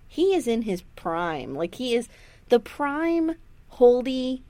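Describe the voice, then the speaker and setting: Animated woman telling a story. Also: fairly high pitch, slow pace, no echo. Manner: animated storyteller, acts out quotes, swears freely. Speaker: podcast co-host recapping a TV episode. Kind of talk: casual chat.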